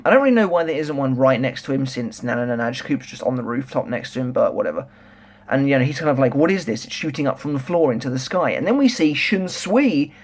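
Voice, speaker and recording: A young man reviewing a manga chapter in a casual, rambling, excitable way, full of restarts and filler words. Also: mid-range voice. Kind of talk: casual solo review chat.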